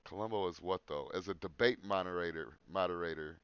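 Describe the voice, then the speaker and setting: A man's voice: deep voice, brisk, fairly bright tone, clear, resonant tone, no room sound, muffled recording. A man hosting a podcast in casual chat, joking crudely and swearing. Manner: crude joking, breaks into silly put-on voices. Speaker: podcast host.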